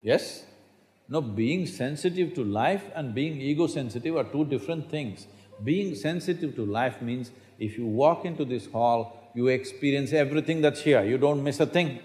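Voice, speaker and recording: A man's voice: medium pitch, lively intonation, normal speed, darkish tone. A man gives a spiritual talk in a lecture hall, emphatic and fond of rhetorical questions and dry humor. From India. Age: 60s. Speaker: spiritual teacher. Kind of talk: public talk to an audience. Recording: reverberant hall.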